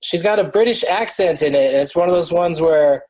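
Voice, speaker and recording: A man hosts a comedy podcast, chatting loosely and laughing often. His voice is a little high and a little mellow, he speaks fairly quickly, and the audio is poor.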